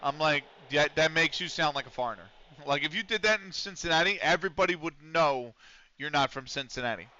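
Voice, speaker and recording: A man's voice: a little high, animated, fairly quick, sharp tone, lo-fi sound. A man chatting casually on a game livestream, rambling and swearing while he reacts to the match. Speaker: streamer playing a football management game. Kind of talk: casual livestream chat with commentary.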